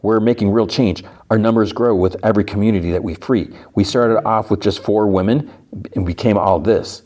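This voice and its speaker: A man reading the lines of a calm, commanding woman leader in a near-normal voice. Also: lowish voice, a little fast, close to an everyday voice.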